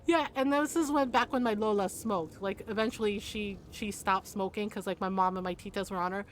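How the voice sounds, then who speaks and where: A woman's voice: mid-range voice, brisk, slight background noise. A woman streamer telling a family story in a casual way on her live stream, laughing often and asking "right?" after her lines. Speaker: gaming streamer.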